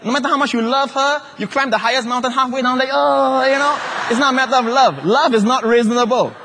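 A middle-aged man preaching a lively, humorous sermon as a pastor. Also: very high voice, quick pace, big-room sound, noisy background. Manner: animated, humorous preaching with laughter.

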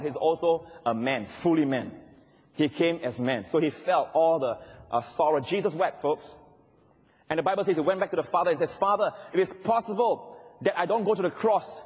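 Guy preaching a sermon, kinda high and husky voice, big echoey church hall, gets loud and dramatic. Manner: dramatic storytelling, addressing the congregation, shouting at peaks. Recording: long reverb of a large hall.

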